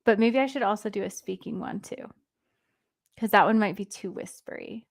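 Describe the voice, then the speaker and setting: A woman's voice: mid-range voice, moderate pace. A woman co-hosting a casual podcast, chatty and playful. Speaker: co-host. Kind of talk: casual chat.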